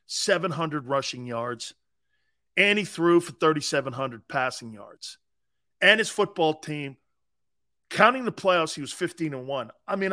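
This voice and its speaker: A man's voice: a little high, pushed and bright. A man hosting a sports talk show, delivering a brash, opinionated monologue that rambles and repeats its points.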